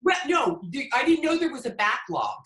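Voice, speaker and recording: A woman psychic medium talks as a guest, effusive and emotional, full of stories. Her voice is high and bright and swings widely in pitch. The sound is echoey, as if in a bare room. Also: very animated, normal speed. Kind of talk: casual chat.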